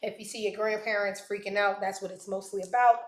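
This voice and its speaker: Blunt, profane woman host, sarcastic commentary, middle pitch, recorded in a reverberant room. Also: steady tone, fairly quick, slight background noise. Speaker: show host. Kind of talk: casual commentary. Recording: echoey room.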